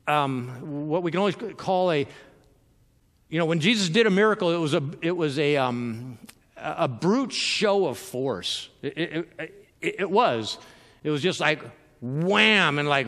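A male pastor preaching in an easy, chatty way. His voice sits a little high, and it trails off into a long hall echo. He keeps stumbling over repeated words and fills the gaps with ums. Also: a bit bright. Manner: conversational, filler-heavy, self-interrupting with repeated words. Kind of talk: sermon.

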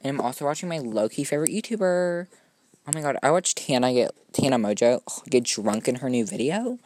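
A man's voice: medium pitch, lively intonation, fairly quick, darkish tone. A young male student rambling through his own solo podcast in a gushing valley-girl drawl. He stuffs every sentence with "like" and "oh my god", swears casually and mocks himself. He hops from topic to topic in a scattered, overdramatic way. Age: young adult student. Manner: scattered, self-mocking, jumps between topics. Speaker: podcast host.

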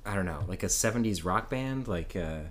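A man's voice: low voice, lively intonation, a little fast. A man co-hosting a casual chat, wry and teasing, with lots of filler words. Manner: wry, teasing, many likes. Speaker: podcast co-host.

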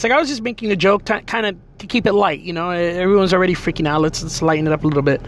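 A man's voice: high-pitched, racing, few pauses, a little hiss or hum. A middle-aged man telling a family story in a casual, rambling way, full of filler words and tag questions.

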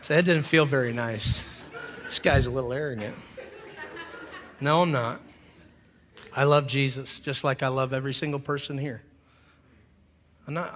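A man preaching a humorous revival sermon, animated and often leaping into shouts. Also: fairly high pitch. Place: church hall. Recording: long hall reverb.

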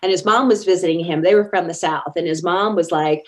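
A woman's voice: fairly low pitch, a little fast. A woman telling personal stories as an interview guest, earnest and acting out the quotes. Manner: earnest, acts out quoted speech. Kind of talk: personal storytelling in conversation.

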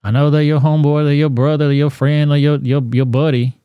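A man hosting a podcast, commenting on a news video in a blunt, profane, animated rant. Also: fairly high pitch, fairly quick, clear, resonant tone, no echo, muffled recording. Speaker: podcast host.

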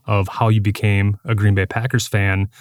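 A man's voice: fairly low pitch, little pitch movement, normal speed, no echo. Dry-sounding man hosting a podcast. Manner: friendly, short interjections and easy laughs. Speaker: podcast host. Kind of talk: casual podcast interview.

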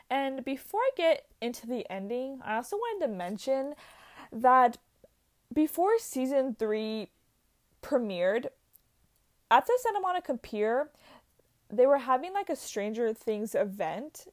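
A woman's voice: high-pitched, very animated, unhurried. A young woman chatting casually and gushing, full of "like" and "um". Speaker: vlogger. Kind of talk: casual chat.

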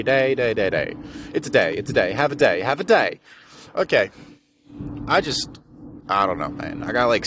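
A young man from Michigan with a lowish voice hosts a solo podcast indoors while driving, rambling through a story, swearing freely and mocking the people in it. His talk is loose and animated. A clear hiss of noisy background ambience runs under the whole recording.

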